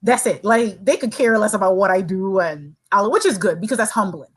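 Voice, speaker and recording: A woman's voice: mid-range voice, expressive, brisk, rough recording. Earnest woman, podcast guest. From Saint Croix, U.S. Virgin Islands. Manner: earnest, encouraging, talks in long runs. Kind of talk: casual chat.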